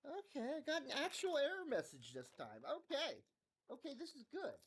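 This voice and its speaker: A man's voice: very high-pitched, wildly swooping pitch, normal speed. A man live-streaming his coding, thinking aloud in a goofy, rambling, sing-song way.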